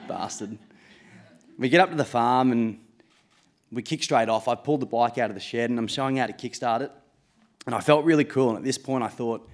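An Australian man in his late twenties tells a true story live on stage, casual and self-mocking. He swears freely and laughs at his own mishaps, his voice at a middle pitch for a man.

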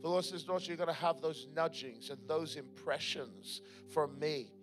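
A man's voice: fairly high pitch, fairly even intonation, normal speed. A man leading a church service as pastor, joking with the congregation, then praying and delivering fervent prophetic declarations. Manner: playful, joking asides with laughter. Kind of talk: sermon with prayer and prophecy. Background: music playing.

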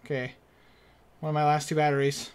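A man's voice: a little high, flat delivery, fairly quick, clean tone. A man giving nervous, muttering commentary as he plays through a horror game on his channel, speaking into a desk microphone. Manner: nervous, jumpy, muttering to himself. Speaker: gaming channel host.

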